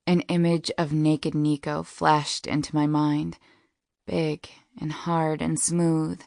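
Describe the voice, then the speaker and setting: A woman reads a first-person romance audiobook with a low, unhurried voice that carries a gravelly edge. Her telling is wry and intimate. The recording is dry and close, with no room sound. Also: level tone, a little mellow, no echo. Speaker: audiobook narrator.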